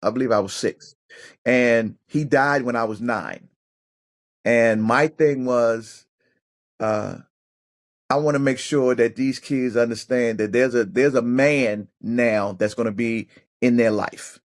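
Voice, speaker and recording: A middle-aged man, once a football player and now a coach, tells personal stories as a podcast guest in a casual interview. His medium-pitched voice moves slowly, and he often repeats and restarts words while thinking. He's an animated storyteller who acts out other people's voices.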